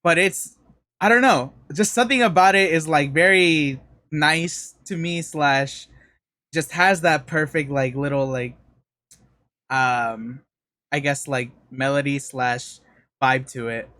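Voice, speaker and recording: Relaxed, rambling podcast co-host man. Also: on the high side, slow, no echo, clean studio sound. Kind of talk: casual chat.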